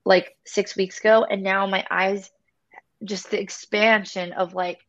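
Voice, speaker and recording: A woman talks through her feelings in a candid faith chat, emotional and halting, stopping and restarting as she goes. Her voice sits in a middle range. The recording sounds dull and lo-fi. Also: medium pitch, flat delivery. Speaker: podcast co-host.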